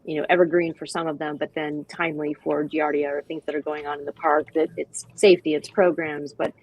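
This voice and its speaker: Low-voiced, enthusiastic woman guest. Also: flat delivery, fairly quick, no echo, rough recording. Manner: enthusiastic, acts out voices in quoted asides. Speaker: guest, founder of a dog-park nonprofit. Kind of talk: animated conversational interview.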